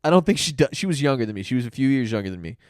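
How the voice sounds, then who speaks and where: A man's voice: mid-range voice, very fast, dry recording, clean studio sound. A young man on a podcast, trading wry jokes and telling crude stories in casual banter. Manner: wry, deadpan gross-out storyteller. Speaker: podcast guest.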